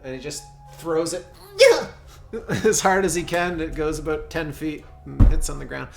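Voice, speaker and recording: A man with a gravelly, creaky voice narrates a horror tabletop game as game master. He rambles, restarts his sentences and laughs often, with faint music underneath. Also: on the high side, steady tone, a little slow.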